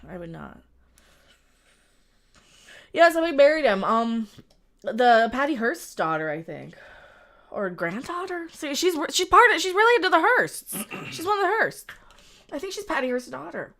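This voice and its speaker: A woman's voice: high-pitched, sing-song, moderate pace, pauses often, a bit bright. A woman hosting a livestream, chatting in a giggly, gossipy, rambling way. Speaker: streamer host. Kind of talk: casual chat on a livestream.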